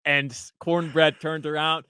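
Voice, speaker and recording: A man on a sports radio show, telling a story in an animated way and acting out the quotes, on a studio microphone. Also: on the high side, measured pace, smooth, dry recording. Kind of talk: casual sports radio banter.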